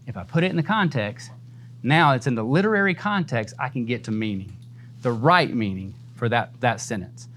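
A man's voice: medium pitch, expressive, moderate pace, a bit bright, a little hiss or hum. A man teaching a church Bible class in a casual, conversational way, often adding "man" and "right?" and laughing easily.

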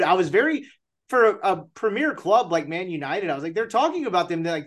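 A man's voice: high voice, lively intonation, moderate pace, a bit bright. A man hosting a casual sports chat, poking fun at himself as he asks questions. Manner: self-mocking and joking.

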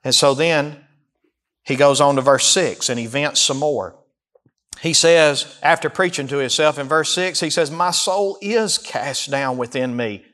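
A man preaching a sermon as a pastor, rising to near-shouts and dropping low as he voices the psalmist's cries. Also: a little slow. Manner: acts out the psalmist's cries in first person.

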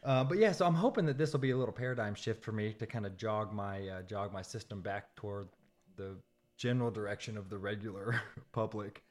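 A jet-lagged man talking in a loose, rambling chat. His voice jumps up into loud, animated bursts, then sinks into low, tired murmurs. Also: fairly quick. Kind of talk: casual chat.

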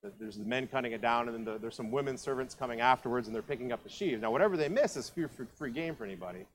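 A male pastor preaching a sermon in a relaxed, conversational storytelling way, full of asides, in a church. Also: medium pitch, rapid-fire, a little hiss or hum, low-quality recording.

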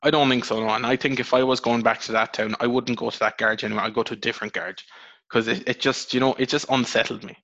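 A young Irish man hosting a podcast, telling rambling, swearing stories with sudden high jumps in his voice. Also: fast, dry recording, muffled recording. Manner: rambling, swears, animated storytelling with pitch jumps. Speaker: podcast host. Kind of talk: casual podcast chat.

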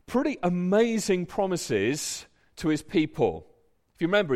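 A preacher speaks with an earnest, conversational warmth that swells into emphatic points. His fairly high voice moves in lively, animated swoops. He sounds like he is talking straight to a congregation. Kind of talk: sermon.

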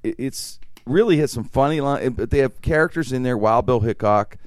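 A man's voice: medium pitch, normal speed, no room sound. A man chatting casually as a podcast host, rambling with many restarts and fillers. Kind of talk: casual chat.

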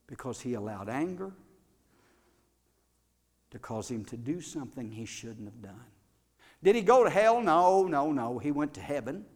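A man preaching a sermon as pastor, swinging between loud bursts and quiet asides. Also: medium pitch, very animated, normal speed, pauses often. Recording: long reverb of a large hall.

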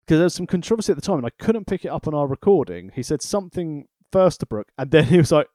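A man's voice: a little high, expressive, quick pace, dark tone, no room sound, clean studio sound. A man hosting a podcast, giving a sweary, analytical recap in casual chat. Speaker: podcast host.

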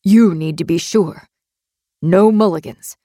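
A woman doing a slow, cold male captor. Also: lowish voice, mellow, no room sound, studio quality, close to an everyday voice. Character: calm, cold male captor, middle-aged.

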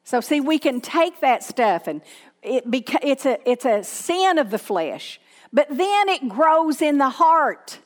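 A woman's voice: a little high, big-room sound. A woman pastor with a Southern accent, preaching a sermon with emphatic repetition and questions to the congregation.

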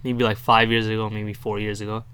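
A man's voice: lowish voice, level tone, fairly quick, pushed and bright, clean tone. A man from New York co-hosting a podcast, rambling casually with many "like"s and restarts. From Brooklyn, New York. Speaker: podcast co-host. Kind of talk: casual chat.

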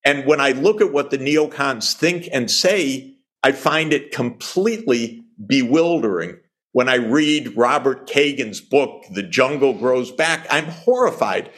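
Older man, economist on a panel, many hesitations, mid-pitched voice, emphatic when pressing a point. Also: lively intonation, unhurried, fairly bright tone. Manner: hesitant with frequent filler sounds; grows emphatic and exasperated when arguing. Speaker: economist guest. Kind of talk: conversational panel discussion.

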